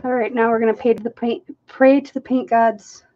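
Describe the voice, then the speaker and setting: Casually chatting with viewers during her live painting stream, a woman laughs a lot and pokes fun at herself, speaking briskly in a warm, slightly high, steady voice. She's in a carpeted home art room, and the lo-fi stream audio sounds dull, with a little hiss or hum.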